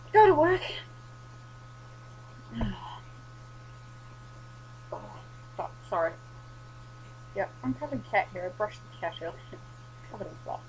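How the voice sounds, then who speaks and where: A young woman rants to camera in a casual vlog, swearing freely and breaking into loud, exasperated outbursts. Her voice sits a little high, with a faint steady hum under the recording. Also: low-quality recording. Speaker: vlogger.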